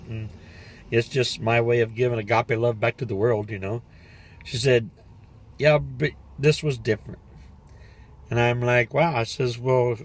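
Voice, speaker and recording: An older man casually telling a rambling personal story as a vlogger, sitting in his parked car, chatty and laughing as he talks. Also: mid-range voice. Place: parked car in a parking lot.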